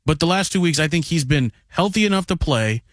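A man co-hosting sports talk radio, laying out his case in a measured, analytical way and citing statistics. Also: on the high side, expressive, no echo, clean studio sound. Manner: measured, analytical, cites stats.

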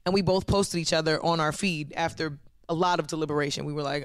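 A woman's voice: fairly low pitch, fast talker, few pauses, smooth, dry recording, clean studio sound. A woman guest in casual podcast chat, speaking frankly and reflectively with a powerful, soothing voice.

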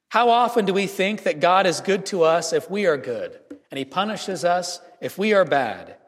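A man giving a Christmas homily as a priest, telling a story earnestly with measured pauses in a church. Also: high-pitched. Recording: reverberant church hall.

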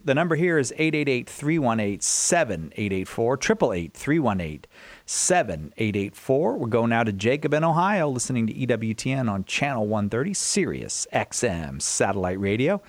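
A man hosting a call-in radio show, friendly and full of small hesitations, slowing down when he reads out numbers. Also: mid-range voice, sing-song, dry recording. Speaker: radio host.

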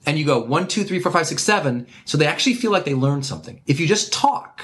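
A man interviewed as a guest, giving emphatic, animated advice and counting off his points one by one. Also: fairly high pitch, fast. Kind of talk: energetic conversational advice.

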